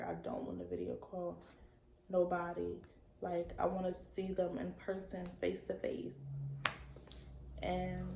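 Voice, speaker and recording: A young woman around twenty tells a casual storytime to her camera, her voice carrying a gravelly fry. She talks loosely, with plenty of "like," and sometimes trails off soft. The room sounds echoey, with a faint hum of ambience behind her. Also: on the low side. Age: young adult. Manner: casual slangy talk with many likes, drifting soft at times. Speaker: vlogger.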